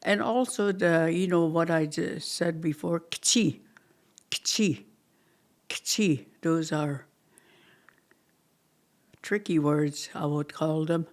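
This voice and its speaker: A language teacher leads a slow class, repeating every word many times with halting pauses and occasionally dropping to almost a whisper. Her voice is medium-pitched and steady in tone, and she sounds dry-mouthed and thirsty.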